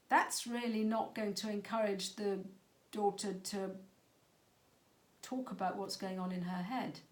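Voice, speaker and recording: A middle-aged woman, talking to parents as a parenting coach in an earnest, conversational way that sometimes stumbles over words. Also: a little high. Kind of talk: talk to parents. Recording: echoey room.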